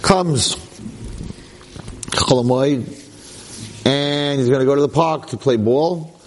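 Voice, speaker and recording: A male lecturer tells a story in an animated way, mixing Yiddish and Hebrew words into his speech. His voice sits at a middle pitch over a faint background hiss. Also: slow. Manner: animated, acting out the characters' voices. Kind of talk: storytelling talk.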